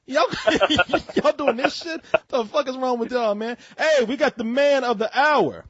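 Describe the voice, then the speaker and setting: A man hosting a casual call-in show, ranting in a profane, animated way with jokey asides. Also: very high voice, moderate pace, hardly any pauses, no room sound. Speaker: host. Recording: dull, muffled audio.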